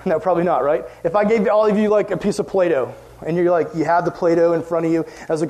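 A young man preaching a casual youth group sermon, animated and playful, acting out quoted voices. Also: on the high side, quick pace. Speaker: youth pastor.

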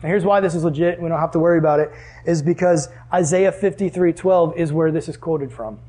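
A young man teaching a Bible lesson to a group, animated and asking the class questions. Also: a little high, fairly quick, slightly rough.

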